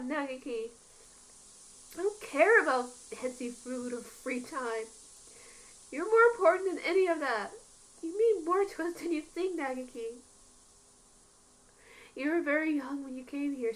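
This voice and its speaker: Woman reading a caring young man, high voice. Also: lively intonation, measured pace, long pauses, low-quality recording. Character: gentle, caring young man, protective older brother.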